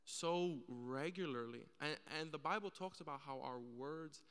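Man, church panel speaker; earnest storyteller, crisp tone, reverberant hall. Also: fairly high pitch, moderate pace, a bit bright. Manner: earnest storytelling, acts out quoted voices.

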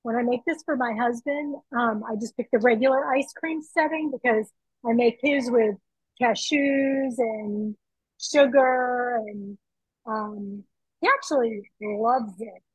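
A middle-aged woman chatting excitedly from her home kitchen over a video call, through earbuds. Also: a little high, slow pace, husky, no echo, rough recording. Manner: chatty, excitable, laughs easily. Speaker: guest.

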